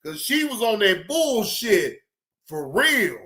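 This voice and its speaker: A man ranting loudly on a livestream, shouting and cursing as he retells chat exchanges. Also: high-pitched, sing-song, slow, echoey room. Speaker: streamer reacting to clips. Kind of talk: loud profane livestream rant.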